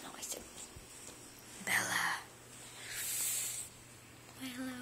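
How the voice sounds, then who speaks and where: High, lively, playful young woman. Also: slow, pauses often, slight background noise, low-quality recording. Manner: playful, giggly, talks to her pets in silly sound effects. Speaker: vlogger filming her pets. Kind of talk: casual pet vlog. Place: home indoors. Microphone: phone camera.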